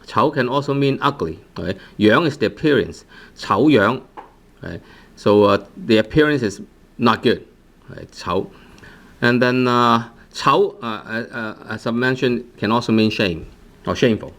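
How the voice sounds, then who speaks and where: A man's voice: medium pitch, lively intonation, a little slow, fairly bright tone. A man with a Cantonese accent teaching a vocabulary lesson. He repeats each word many times and often checks in with the learner. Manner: patient, repeats words many times, frequent "right?" check-ins. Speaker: language teacher. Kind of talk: vocabulary lesson with slow repetition drills.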